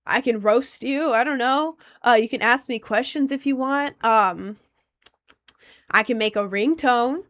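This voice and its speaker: A woman streamer talks casually to her live-stream chat, rambling, restarting sentences and leaning on fillers. Her voice sits on the high side. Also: unhurried, fairly bright tone.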